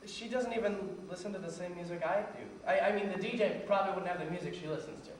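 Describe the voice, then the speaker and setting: Actor as a young fiancé, flustered, quick talker, far off on an echoey stage. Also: male voice, sits high, a little hiss or hum, natural voice. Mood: earnest. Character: young man engaged to his girlfriend. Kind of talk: stage acting.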